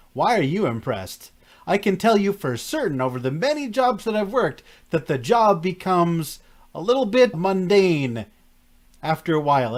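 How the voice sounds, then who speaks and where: A man giving casual reaction commentary to a show, sarcastic and mocking, laughing often. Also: on the high side. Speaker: reaction video host.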